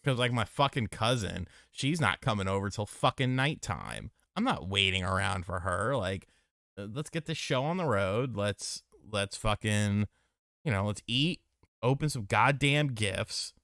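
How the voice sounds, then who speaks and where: A man's voice: fairly low pitch, unhurried, creaky, no echo, studio quality. A man co-hosting a podcast, chatting casually and telling stories with lots of swearing. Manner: profane, animated storytelling. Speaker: podcast co-host. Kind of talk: casual chat.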